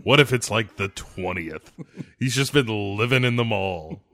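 A man's voice: on the low side, lively intonation, moderate pace, fairly bright tone, dry recording. A man co-hosting a podcast, giving wry, chatty movie commentary. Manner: wry, chatty and laughing often. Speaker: podcast co-host.

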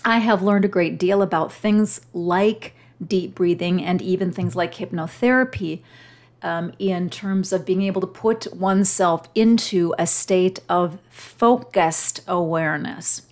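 A middle-aged woman hosting her own podcast, telling a personal story in a warm, chatty, heartfelt way with emotional pauses. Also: fairly low pitch. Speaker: podcast host.

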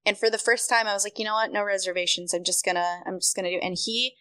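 A young woman from Michigan, a running coach, telling her story as a podcast guest in a chatty, animated way, acting out bits of dialogue. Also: mid-range voice, fast talker, clear, resonant tone, no echo. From Michigan, USA. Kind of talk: casual storytelling interview.

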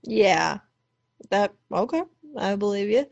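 A woman chatting casually with a co-host, animated and full of fillers, getting worked up. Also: medium pitch, slow, gravelly, dry recording, lo-fi sound. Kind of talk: casual chat.

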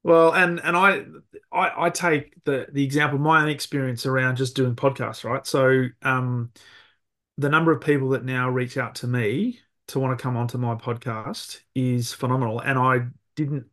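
A man hosts a podcast in a relaxed, casual way. He thinks aloud and trips over his starts, circling back before finishing a point. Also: medium pitch. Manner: reflective, halting restarts. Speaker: podcast host. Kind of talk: casual interview talk.

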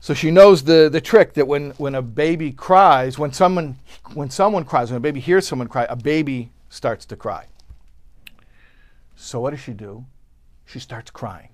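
A man teaching a sermon, swinging from hushed storytelling to loud, impassioned outbursts and translating Hebrew phrases line by line. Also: mid-range voice, normal speed. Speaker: Torah teacher.

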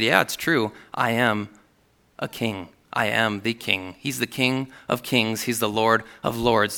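A man's voice: mid-range voice, gravelly, pushed and bright. A man preaching a sermon, reading scripture aloud with earnest emphasis.

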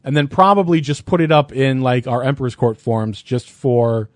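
A man's voice: medium pitch, moderate pace, no echo, clean studio sound. A man in a casual podcast chat, rambling with frequent restarts and laughter. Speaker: podcast co-host.

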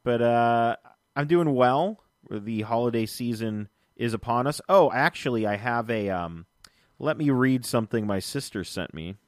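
A man's voice: medium pitch, a little slow, no room sound, clean studio sound. A man hosting a casual podcast, chatting with his co-host and rambling a little, with fillers and restarts. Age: adult, uncle of a three-year-old.

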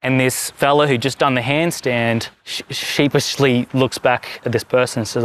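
Male preacher, casual stop-start sermon storyteller, middle-pitched voice. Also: steady tone, normal speed, fairly bright tone. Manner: rambling, self-correcting storyteller with many restarts. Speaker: pastor.

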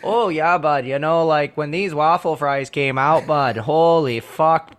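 A man voicing a profane, slow-talking man from the Canadian Maritimes, with a Maritime accent. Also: a little high, fairly bright tone, voice pushed down. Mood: rowdy. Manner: slow, profane, drawn-out drawl.

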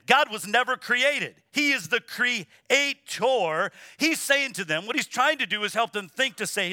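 A man's voice: very high-pitched, lively intonation, a little slow, hardly any pauses, sharp tone, no room sound, studio quality. A man preaching a sermon as pastor, emphatic and repetitive, calling on the congregation to answer back. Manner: emphatic preaching, repeats words, asks congregation to respond. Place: church sanctuary.

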